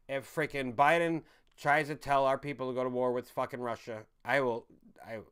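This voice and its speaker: A man in his thirties from the United States, hosting a casual livestream, ranting angrily and swearing, swinging from loud outbursts to low muttering. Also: fairly even intonation, fast, clear, resonant tone. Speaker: livestream host.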